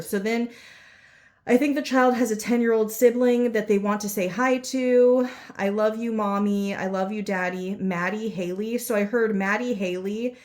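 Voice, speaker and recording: A woman's voice: mid-range voice, a little mellow. A woman giving a casual psychic reading, rambling and unsure, full of fillers and self-corrections. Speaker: psychic reader. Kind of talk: casual spoken channelling reading.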